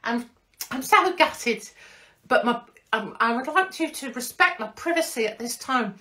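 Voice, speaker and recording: A woman's voice: sits high, expressive, a little slow, pushed and bright, pitched above the performer's own voice, full character voice. Woman putting on a whiny, gushing young woman. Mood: mocking.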